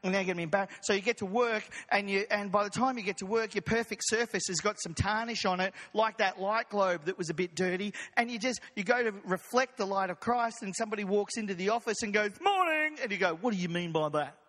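Man, pastor, lively joking sermon, high voice, long hall echo. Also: quick pace, hardly any pauses. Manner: animated, jokey, acts out congregation voices. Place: church hall.

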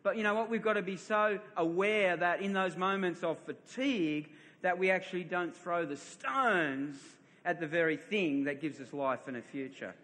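High, bright-voiced man preaching. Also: moderate pace, few pauses. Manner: storytelling, repeats words, laughs at himself. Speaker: pastor. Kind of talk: sermon. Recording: long reverb of a large hall.

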